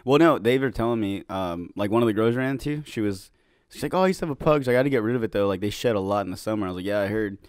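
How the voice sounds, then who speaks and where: A man's voice: fairly low pitch, lively intonation, very fast, smooth, dry recording, studio quality. A man co-hosting a podcast, chatting casually and laughing often, swearing now and then. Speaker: podcast co-host. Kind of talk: casual chat.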